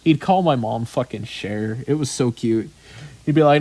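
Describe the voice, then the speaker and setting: A man's voice: medium pitch, normal speed, warm tone, no echo. Rambling, swearing male podcast host. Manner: rambling, swears freely, many ums. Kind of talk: casual chat.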